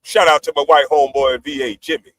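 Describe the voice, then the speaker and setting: A man's voice: a little high, fast, fairly bright tone, no echo. A middle-aged man hosting a livestream, ranting boastfully and profanely at his critics. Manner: boastful, profane, trash-talking. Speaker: livestream host. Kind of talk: brash livestream rant.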